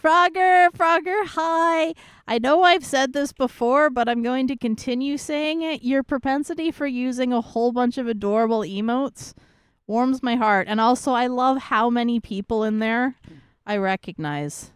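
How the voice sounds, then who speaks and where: A woman's voice: a little high, moderate pace, smooth, dry recording, studio quality. Bubbly woman streamer chatting with chat. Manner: bubbly, greets viewers by name, playful. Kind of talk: casual chat with live chat.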